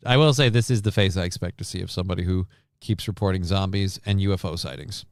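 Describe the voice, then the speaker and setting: A man riffs through the news on his stream with a gravelly, creaky edge over a smooth, resonant tone. He rambles and swears with dry sarcasm, and the recording is close and dead. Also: low voice, quick pace, no echo. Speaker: livestream news host. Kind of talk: casual news chat.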